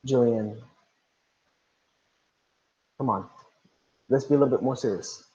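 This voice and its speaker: A man's voice: mid-range voice, unhurried, dark tone, lo-fi sound. A male teacher leading an online class, reading instructions and calling on students by name. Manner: encouraging, calls on students by name. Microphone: video call.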